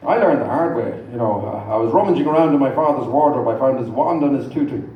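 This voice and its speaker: Laughter rises from the crowd as a middle-aged man works through a stand-up set that is dry, self-deprecating and prone to rambling asides, in front of a large live audience. He talks fast in a mid-range voice with lively intonation. Sound is lo-fi, echoey and noisy, picked up from a distant mic.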